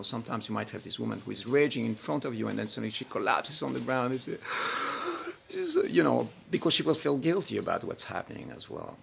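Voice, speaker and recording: A man's voice: medium pitch, creaky, a bit bright, slight background noise. A man hosting a teaching webinar, who acts out quoted lines with sudden jumps in volume. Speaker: webinar host and relationship coach. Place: home studio in rice fields, outdoors nearby.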